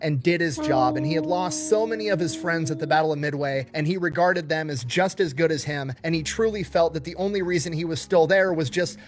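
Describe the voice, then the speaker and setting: Animated high-voiced man telling a story. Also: a little fast, few pauses, soft background music. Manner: animated, profane, acts out quoted dialogue. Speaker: storyteller recounting history. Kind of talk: casual storytelling.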